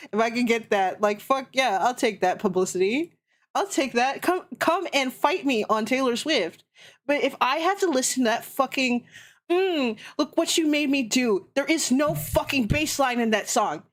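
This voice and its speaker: A woman's voice: high voice, lively intonation, moderate pace. A young woman streamer ranting heatedly and sarcastically in casual chat, swearing constantly.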